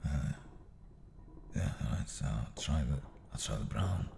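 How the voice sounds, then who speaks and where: A man's voice: a bass voice, expressive, unhurried, gravelly, voice pushed down, full character voice. A man voicing a hesitant male shop customer who mumbles as he chooses. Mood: unsure. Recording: noisy background.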